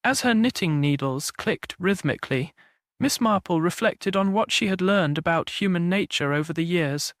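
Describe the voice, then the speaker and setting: A man with a notably high voice narrates a classic detective audiobook. His storytelling is even and measured, paced for listeners. The studio sound is dry and close. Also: dry recording. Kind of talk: scripted mystery narration.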